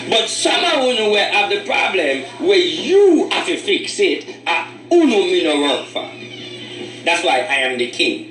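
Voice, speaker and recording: Forceful Jamaican man, echoey and distant. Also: fairly high pitch. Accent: Jamaican Patois. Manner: preachy and boastful, rambling in patois. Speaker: spiritual reader. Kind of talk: boastful warning monologue. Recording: echoey room, away from the mic.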